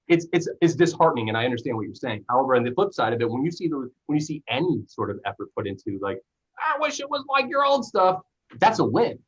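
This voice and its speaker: A man's voice: medium pitch, slightly rough. A man hosting a podcast, talking earnestly in a rambling way with many restarts. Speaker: podcast host. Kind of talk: casual podcast interview. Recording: dull lo-fi remote audio.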